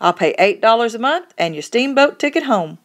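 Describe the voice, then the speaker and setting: A woman's voice: on the high side, expressive, brisk, natural voice. Woman doing a businesslike frontier storekeeper.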